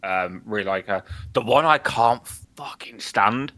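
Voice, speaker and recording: A man's voice: lowish voice, unhurried, pushed and bright. A young man co-hosting a podcast, talking bluntly in casual chat with lots of swearing and filler words. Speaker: podcast co-host.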